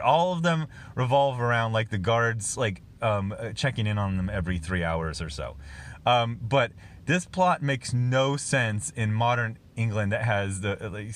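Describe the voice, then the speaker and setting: Rambling male film reviewer. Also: on the low side. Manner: rambling, full of fillers and restarts, chuckles often. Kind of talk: casual film review vlog.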